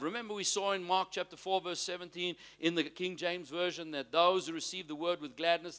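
Male pastor preaching, bright forceful voice, kinda high, calls out to the crowd n drags out the big lines. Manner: preaching with call-and-response to the congregation; slows and stresses key phrases, swings from loud to soft. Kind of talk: sermon.

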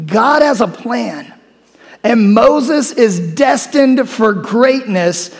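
A male preacher giving a sermon in a conversational, animated way, acting out scripture as he goes. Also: high voice. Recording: long hall reverb.

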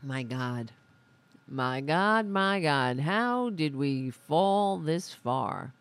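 A woman's voice: sits low, expressive, drawn-out words, no echo. A woman hosting a casual political livestream, ranting in an angry, profane and sarcastic way. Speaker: host.

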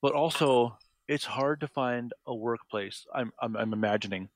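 A man's voice: mid-range voice, normal speed, dry recording. A man in his thirties talking casually on a podcast, rambling and emphatic, with casual swearing. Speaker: podcast guest. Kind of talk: casual discussion.

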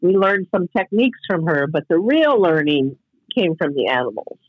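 A woman's voice: fairly low pitch, big pitch swings, normal speed, slightly rough, dry recording, phone-quality sound. A woman guest telling a reflective personal story in casual podcast talk, heard over a call. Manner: earnest, reflective, spiritual storyteller.

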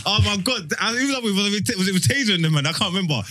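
A man co-hosting a podcast, teasing and excitable in quick banter. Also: sits high, a little hiss or hum. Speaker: podcast co-host. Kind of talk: casual banter.

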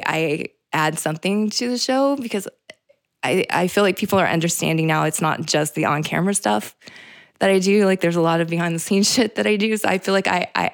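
A young woman talks through a casual solo podcast, rambling and peppering every thought with fillers and curses. Her voice sits low and gravelly, and the recording is dry and close. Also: dry recording. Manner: rambling, frequent "like" fillers, swearing. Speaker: podcast host.

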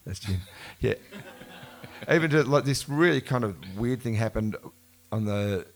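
A mid-range male voice, a little slow, belongs to a musician interviewed at a bookshop event before a live audience. He rambles through stories in casual conversation, correcting himself and laughing as he goes, in a live event recording.

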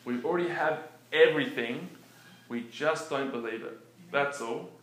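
A man preaching in a relaxed, conversational way, often chuckling between his points. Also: medium pitch, moderate pace. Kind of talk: conversational sermon. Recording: echoey room with faint background noise.

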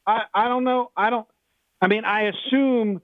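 A middle-aged man who handicaps sports bets talks fast and eagerly, repeating phrases and cutting across the others. His slightly high voice comes through a tinny phone connection with no room sound at all. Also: no echo. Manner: excitable, repeats himself, talks over others. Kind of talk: sports radio talk. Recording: dry tinny phone line.

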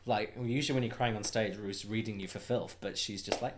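A man's voice: lowish voice, steady tone, noisy background. Man, West Yorkshire accent, podcast co-host, chatty, gossipy, casual recap. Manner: chatty, gossipy, quick asides.

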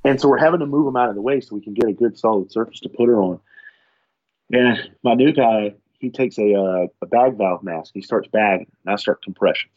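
A man tells a crude work story in casual podcast talk, slipping into the voices of the people in it. His low voice is husky and a little breathy. The recording sounds dull and lo-fi. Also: a little fast. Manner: profane, animated storyteller acting out quotes. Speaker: firefighter guest.

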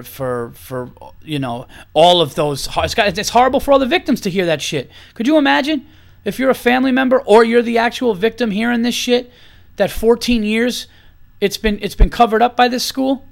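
A man in his thirties with a high voice delivers a furious, profane podcast rant. He hammers his points over and over with emphatic, heated repetition. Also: vocal fry. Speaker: podcast host. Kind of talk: angry opinion rant.

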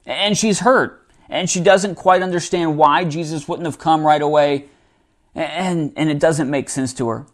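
A man preaching a sermon in a conversational way, reading scripture and dropping to a hushed voice for emphasis. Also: a little high, measured pace. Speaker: pastor.

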